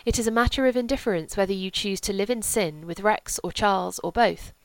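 Woman voicing solemn pompous gentleman, grave, measured, unhurried, dry sound. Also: medium pitch, dry recording, close to an everyday voice, rough recording. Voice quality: grave, measured, even delivery. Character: solemn, placid, pompous gentleman, middle-aged.

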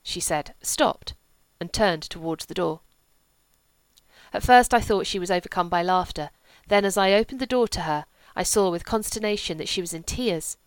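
A woman narrating a novel in a composed, even storytelling manner. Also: fairly low pitch, normal speed, clean tone, dry recording, low-quality recording. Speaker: audiobook narrator.

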